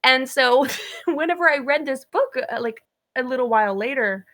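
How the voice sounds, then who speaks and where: A young woman co-hosting a podcast in casual, candid chat. She laughs easily and talks openly. Her voice is bright, sitting a touch high. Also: animated, moderate pace. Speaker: podcast co-host.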